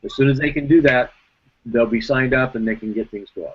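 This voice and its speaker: A man's voice: medium pitch, brisk, husky. A man speaking on a team call, explaining plainly. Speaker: guest speaker. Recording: tinny phone line.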